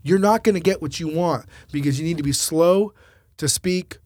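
A man's voice: on the high side, moderate pace, darkish tone, no room sound, clean studio sound. A man, a pastor co-hosting a scripture discussion, emphatic and preacherly with joking asides. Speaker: pastor, podcast co-host.

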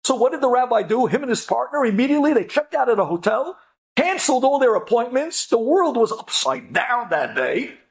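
High, lively storytelling man. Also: fairly quick, creaky. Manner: animated, acts out every voice. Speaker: speaker telling an inspirational story. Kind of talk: storytelling talk.

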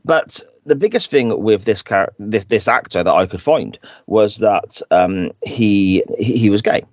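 A man co-hosting a podcast, chatting casually and acting out quotes in exaggerated high voices. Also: a little slow, no room sound, highs cut off. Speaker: podcast co-host. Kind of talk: casual chat.

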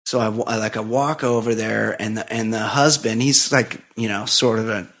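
A man's voice: on the low side, fairly even intonation, moderate pace, a bit bright. A middle-aged man co-hosting a podcast, telling a long casual story full of "like" and frequent laughs. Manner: rambling anecdote full of "like", laughs often. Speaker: podcast co-host.

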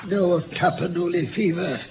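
A man's voice: sits high, fairly even intonation, background noise, close to an everyday voice. A man playing Sherlock Holmes, ill and imperious. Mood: cold, cutting. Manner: weak, halting, then sharp and imperious. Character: gravely ill detective, proud and commanding. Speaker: detective. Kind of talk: old radio drama acting. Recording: tinny old radio broadcast with music.

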